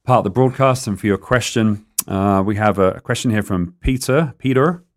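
A man with a non-American accent and a fairly low voice, recorded dry and close. He hosts a ministry radio show in a friendly, easygoing way, laughing often and reading listener questions aloud. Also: moderate pace, no echo. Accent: non-American English. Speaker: radio host. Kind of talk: casual radio chat.

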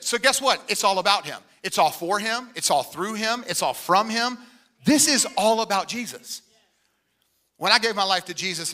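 A man's voice: sits high, bright, forceful tone. A middle-aged male pastor preaching a sermon with energy and humor, often quoting people in put-on voices.

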